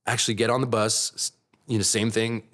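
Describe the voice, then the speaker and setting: A man in his thirties, a podcast guest, telling a personal story in casual talk, candid and animated, acting out the voices of others. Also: on the low side, fairly quick.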